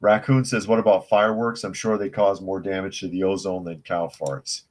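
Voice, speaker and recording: A man's voice: sits low, little pitch movement, moderate pace, darkish tone. A man hosting a live news podcast, reading articles and chat comments aloud and answering them with blunt, scoffing opinions. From United States.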